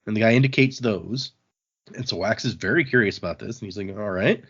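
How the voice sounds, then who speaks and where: On a book podcast, a man with a lowish, slightly bright and rough voice casually retells chapters, quoting the characters in quick asides as he summarizes the story. The audio sounds dull and muffled.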